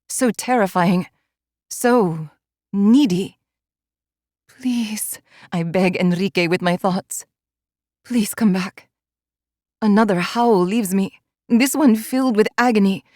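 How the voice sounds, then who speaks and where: Slow, intimate female audiobook narrator. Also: medium pitch, darkish tone, dry recording, clean studio sound. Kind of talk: first-person audiobook narration.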